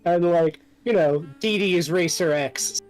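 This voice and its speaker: A man's voice: high voice, measured pace, soft background music, rough recording. A man co-hosting a casual podcast while playing a game, laughing often as he tells stories. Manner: laughs often, lively storytelling. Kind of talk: casual chat over gameplay.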